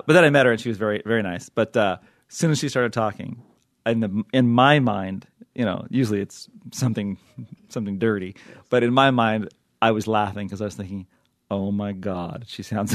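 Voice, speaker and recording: Man, podcast host, low voice, dry close sound, rambling, chuckling. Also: no room sound. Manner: rambling, chuckling, many fillers. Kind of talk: casual chat.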